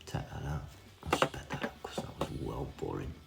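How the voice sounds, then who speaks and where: Cheeky man, very deep gravelly voice. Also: expressive, normal speed. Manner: cheeky, self-mocking running commentary. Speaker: vintage reel restorer. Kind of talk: casual hands-on repair tutorial. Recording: echoey room with music behind.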